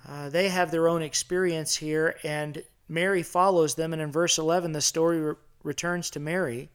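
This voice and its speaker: A man's voice: fairly high pitch, steady tone, moderate pace, fairly bright tone, clear, resonant tone. Middle-aged male pastor preaching. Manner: conversational, asks listeners questions, grows intense. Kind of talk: sermon. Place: church sanctuary.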